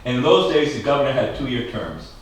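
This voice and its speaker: A man's voice: medium pitch, big pitch swings, a little fast, slight background noise. A middle-aged man from Maine hosting a local history talk, chatty and joking with his audience and asking them questions. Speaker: historical society host. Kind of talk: casual talk to a small audience. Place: schoolhouse room. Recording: echoey room from far off.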